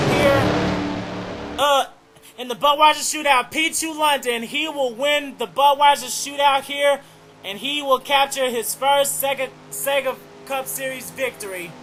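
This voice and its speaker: A young man doing excited play-by-play commentary on a race, repeating "oh man" and running out of breath. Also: very high voice. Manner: excitable, keeps saying "oh man".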